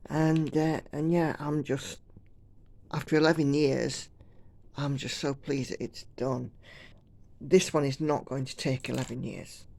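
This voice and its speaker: Slow, gravelly-voiced British woman chatting. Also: sits low, fairly even intonation. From United Kingdom. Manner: chatty, rambling, self-deprecating. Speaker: cross-stitch vlogger. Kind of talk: casual chat while stitching.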